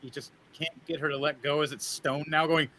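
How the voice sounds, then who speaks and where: A man running a tabletop game, with a bright, forceful voice and faint noise in the background. He rambles with many fillers and laughs as he goes. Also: on the high side, flat delivery, a little fast. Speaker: game master.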